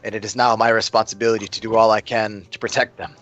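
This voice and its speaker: A stately king with a lowish voice and grave, formal manners, as a game master puts him on. He speaks in measured, slow phrases while soft music plays behind. A tabletop game ruler, dignified and earnest. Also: little pitch movement, muffled recording, lightly acted. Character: solemn middle-aged male king of a small realm.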